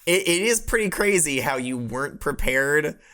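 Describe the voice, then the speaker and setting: A man's voice: a little high, lively intonation, normal speed, bright, forceful tone. A man co-hosting a casual podcast as the professor, teasing and playful. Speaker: co-host, professor.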